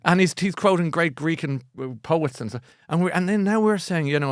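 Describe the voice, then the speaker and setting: A man with an Irish accent hosting a book show, chatty and animated, often laughing at himself. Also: fairly high pitch, a little fast, no room sound, studio quality. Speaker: host. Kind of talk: casual chat.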